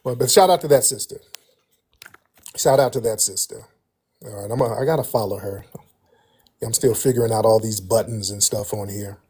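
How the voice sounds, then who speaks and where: A man's voice: on the low side, moderate pace, pauses often, darkish tone, breathy edge. A man hosting a livestream in casual chat, telling stories in a slangy, laid-back way. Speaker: livestream host.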